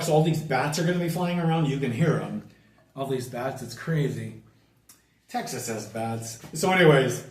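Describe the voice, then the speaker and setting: A middle-aged American man vlogging a loud, profane, irritated rant outdoors at dusk. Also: fairly high pitch, roomy sound, distant mic. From United States. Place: outdoors at dusk, bugs and a barking dog nearby.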